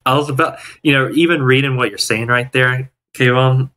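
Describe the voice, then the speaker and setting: A man's voice: mid-range voice, steady tone, moderate pace, pushed and bright. A young man hosting a day trading live stream, chatting casually to viewers and rambling indignantly with frequent restarts.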